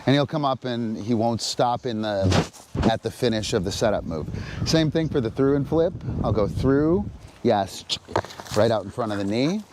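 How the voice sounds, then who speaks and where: A man demonstrating dog training on a live stream, explaining in halting, relaxed speech between short sharp cues to the dog. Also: mid-range voice, background noise.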